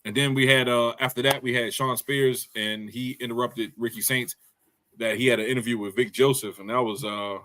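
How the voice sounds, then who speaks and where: Guy rambling on a wrestling podcast, bright punchy voice, lots of "you know". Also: medium pitch, fairly even intonation, fairly quick. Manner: rambling, fillers, slangy. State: hiccups. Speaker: podcast co-host. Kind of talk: casual wrestling review chat.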